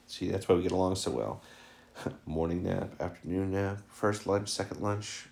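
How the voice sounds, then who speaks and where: Gravelly low-voiced man chatting at home. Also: steady tone, normal speed, darkish tone. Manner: chatty, jokey, fond baby talk to his puppy. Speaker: vlogger and dog owner. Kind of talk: casual home vlog talk.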